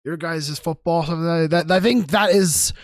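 A man with a Canadian accent co-hosting a casual podcast, easygoing and prone to repeating words when excited. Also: on the high side, normal speed, no echo, studio quality. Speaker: podcast co-host. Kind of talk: casual chat.

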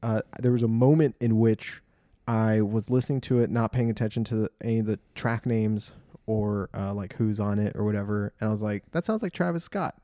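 A man's voice: lowish voice, level tone, fairly quick, dark tone, no echo, studio quality. A man from Los Angeles co-hosting a podcast, chatting casually and enthusiastically about music, swearing freely and restarting his sentences. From Los Angeles, USA. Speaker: podcast co-host.

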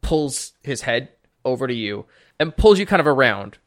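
A man narrating a tabletop game as its game master, in a loose and teasing way full of "like" and "um." His voice sits at a middle pitch and he keeps the tone light. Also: very animated, moderate pace. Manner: casual, teasing, filler-heavy.

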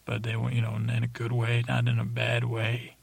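A man hosting a sleep podcast, telling a meandering bedtime story with many pauses and fillers. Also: medium pitch, completely flat delivery, creaky, breathy edge. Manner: rambling, halting, many fillers. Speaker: podcast host.

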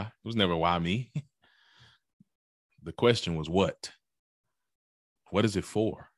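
A young adult man telling a dramatic personal story, punchy and animated, climbing high in the tense moments. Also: takes it slowly, long pauses, no echo, clean studio sound. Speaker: guest speaker.

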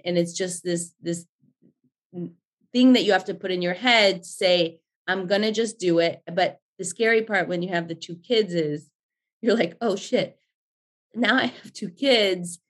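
A woman in her forties, a podcast guest, telling stories in a lively, chatty way and swearing freely. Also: lowish voice. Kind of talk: casual storytelling chat.

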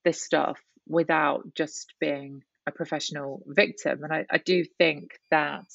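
A woman's voice: deep voice, little pitch movement, a little slow, creaky, a bit bright, no echo, muffled recording. A woman guest talking candidly in an interview, reflective and full of restarts and "you know"s. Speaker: guest, writer and columnist.

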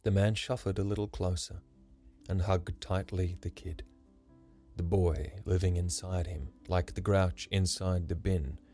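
A man narrating a rhyming story for his podcast, with a gentle, measured delivery. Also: deep voice, steady tone. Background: soft music.

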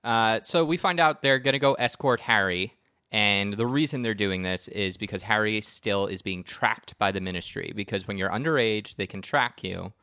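A man's voice: fairly low pitch, moderate pace, pushed and bright, smooth, dry recording, studio quality. A man chatting casually about a movie as a podcast co-host, joking and telling it with energy. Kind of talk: casual chat about a film.

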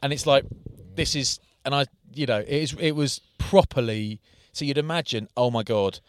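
A man in casual podcast banter, telling an animated story about a friend. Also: medium pitch, moderate pace, no room sound, studio quality. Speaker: podcast co-host. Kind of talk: casual chat.

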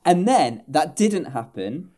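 A man's voice: a little high, takes it slowly. A man co-hosting a casual film podcast, retelling scenes with enthusiasm and acted-out quotes. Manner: animated storyteller, acting out quotes with laughs. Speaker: podcast co-host.

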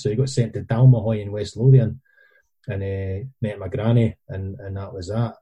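A man's voice: fairly low pitch, fairly even intonation, normal speed, mellow, slightly rough. A man with a Scottish accent, a guest in a casual chat, rambling and swearing, often repeating his words as he searches for what to say. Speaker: guest, documentary maker.

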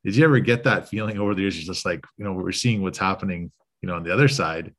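A man's voice: low-pitched, fast, fairly bright tone. A man hosting a casual interview, asking long, rambling questions. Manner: rambling, many fillers and restarts. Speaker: podcast host.

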